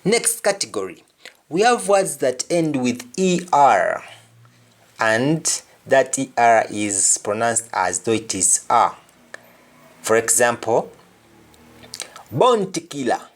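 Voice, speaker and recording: A man teaching a pronunciation lesson, speaking deliberately and repeating each word to demonstrate how it sounds. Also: medium pitch, expressive. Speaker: language teacher.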